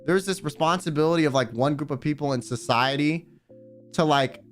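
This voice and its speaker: High-voiced man ranting bluntly. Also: brisk, faint music behind. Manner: blunt, profane, emphatic ranting. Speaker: streamer. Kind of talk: casual livestream rant.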